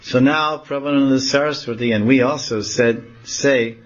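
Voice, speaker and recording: Brief: male monk retelling scripture, animated, medium pitch, muffled lo-fi recording. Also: moderate pace, few pauses. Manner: animated, acting out dialogue. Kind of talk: devotional storytelling talk.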